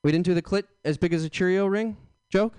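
Rowdy male stand-up comic, smooth dry voice. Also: sits high, fast, no room sound. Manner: loud, jokey crowd banter with sudden yelps. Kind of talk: stand-up comedy set. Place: comedy club stage.

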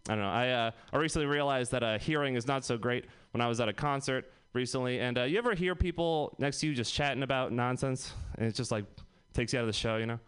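Rambling young stand-up comic. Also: male voice, medium pitch, quick pace, fairly bright tone, clear, resonant tone. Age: 20s. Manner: rambling, laughs at own jokes. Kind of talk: stand-up comedy set.

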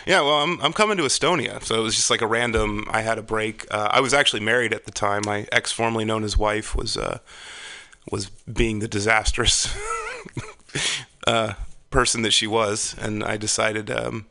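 A middle-aged man with a gravelly, low voice and a bright, sharp edge. He tells loose, rambling stories in relaxed chat and swears freely along the way. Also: moderate pace. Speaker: podcast guest. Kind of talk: casual chat.

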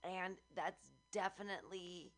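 A woman who has worked as a stage manager, chatting on a radio show in a blunt, excitable and profane way. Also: on the low side, a little slow. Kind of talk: casual radio chat.

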